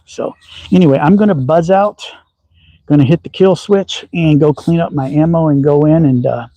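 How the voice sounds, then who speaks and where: Folksy middle-aged man, mellow voice. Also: on the high side, no room sound, rough recording. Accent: slight Southern with a touch of upper Midwest. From Texas. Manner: folksy and rambling, with frequent ums. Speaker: slingshot channel host. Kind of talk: casual livestream chat. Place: outdoors at a backyard shooting range.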